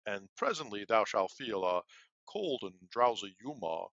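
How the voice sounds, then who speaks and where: A man putting on the voice of a sinister old apothecary, slow and theatrical. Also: lowish voice, sing-song, vocal fry, fairly bright tone, no echo, dull audio, heavily acted. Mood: ominous.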